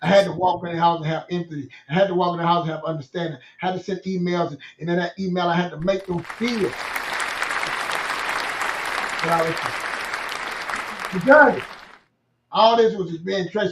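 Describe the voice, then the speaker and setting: Man, high-pitched, preachy, emphatic storyteller, repeats himself, roomy echo. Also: brisk, some chatter behind, a little hiss or hum. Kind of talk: casual motivational faith talk.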